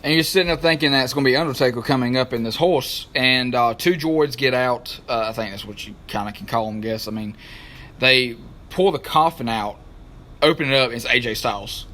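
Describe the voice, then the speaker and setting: A man, co-hosting a wrestling talk show, who recaps matches in an excited, rambling casual way and stops to search for names. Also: medium pitch, a little fast.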